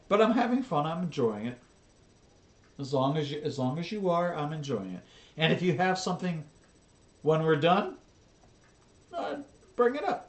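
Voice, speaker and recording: Middle-aged male reaction host, lively pitch, crude and laughing, roomy echoey sound with faint music. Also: moderate pace, long pauses. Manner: profane, laughing, exasperated outbursts. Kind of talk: casual reaction commentary.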